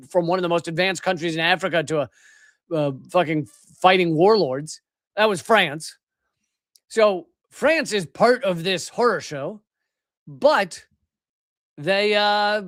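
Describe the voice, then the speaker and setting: A man with a high, slightly bright voice hosts a live political commentary show, ranting with sarcasm and profanity. He rambles and keeps restarting his sentences, and the recording is studio quality with no echo.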